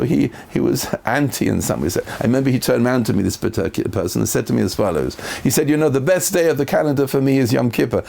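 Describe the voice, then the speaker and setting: A gravelly-voiced man gives a Torah lecture. He speaks quickly and with a lively, swooping pitch. He acts out the people in his stories. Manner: animated storyteller, acting out quoted voices with big pitch jumps. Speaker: rabbi.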